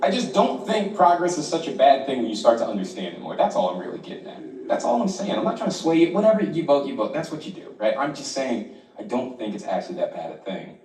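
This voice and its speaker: Animated man doing stand-up from a roomy stage. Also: medium pitch, fast. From Florida. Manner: animated, acting out voices, laughing asides. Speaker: stand-up comedian. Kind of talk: stand-up comedy set. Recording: roomy hall, far from the mic, noisy.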